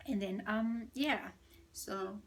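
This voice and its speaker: A woman tells a storytime vlog at home, in a hushed, half-whispered, gossipy way. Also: medium pitch, takes it slowly, creaky. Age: 30s. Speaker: vlogger. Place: indoors at home.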